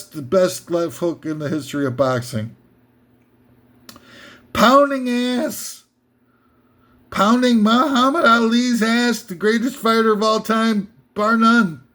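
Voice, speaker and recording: An American man hosting a comedic top ten list, rambling and interrupting himself, now and then shouting out impressions. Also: sits high.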